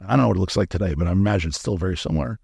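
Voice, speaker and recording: Guy on a podcast telling his story, kinda low and gravelly, swears a lot, says um a lot. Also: racing, a little mellow, dry recording, clean studio sound. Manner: frank and profane, with many fillers and restarts. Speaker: interview guest. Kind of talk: candid storytelling in a podcast interview.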